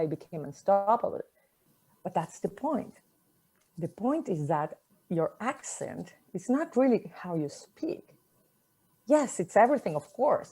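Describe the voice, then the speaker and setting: A woman whose first language is not English, giving a personal talk, reflective and conversational, with pauses and soft endings. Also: on the low side, slightly rough. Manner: conversational fillers like "like" and "you know".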